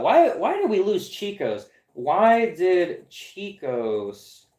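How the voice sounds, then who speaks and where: A woman's voice: low-pitched, darkish tone, reverberant. A woman in her twenties chatting casually, profane and incredulous, stammering over restarts as she reads aloud. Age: 20s. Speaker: comics podcast host. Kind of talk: casual rambling commentary, reading aloud from a screen.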